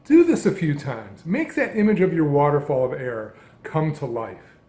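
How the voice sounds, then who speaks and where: A man giving a calm, measured lesson as a speech coach, speaking in deliberate phrases. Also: fairly high pitch, reverberant. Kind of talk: instructional narration.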